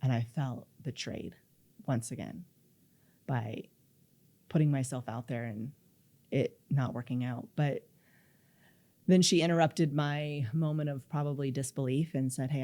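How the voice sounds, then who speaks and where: A middle-aged woman telling a personal story in an interview, acting out the dialogue she quotes. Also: deep voice. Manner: animated, acts out quoted dialogue. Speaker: guest.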